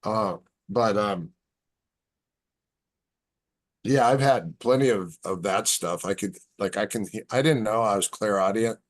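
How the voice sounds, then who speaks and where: A man's voice: lowish voice, moderate pace. A man in casual podcast chat, telling stories and acting out the dialogue. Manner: relaxed storyteller, acts out quoted dialogue. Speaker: podcast guest.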